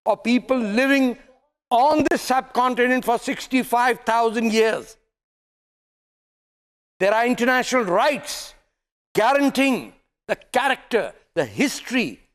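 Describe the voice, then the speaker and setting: A man's voice: very high voice, lively intonation, measured pace, long pauses, a bit bright. A man speaking as a panelist on a heated TV debate, making sweeping, emphatic declarations.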